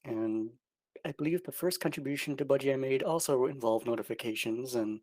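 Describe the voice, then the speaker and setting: A man's voice: medium pitch, fairly quick, darkish tone, no echo. A man introducing himself on a video call in a light, self-amused way.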